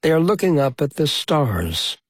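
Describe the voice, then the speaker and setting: A man reading a children's storybook aloud in a slow, gentle, measured way. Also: a little high, very animated, no room sound. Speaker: storybook reader.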